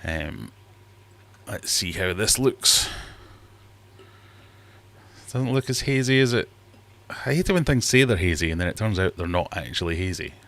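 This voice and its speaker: A man's voice: sits low, expressive, moderate pace, fairly bright tone. A man hosting a casual livestream from his fish room, rambling and self-deprecating as he reads chat aloud. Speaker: livestream host.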